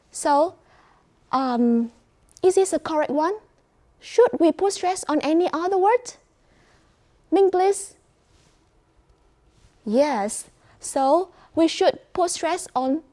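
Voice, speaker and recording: A female English teacher with a Vietnamese accent runs a class, her voice sitting high and mellow. She guides her students slowly and clearly, offering encouragement.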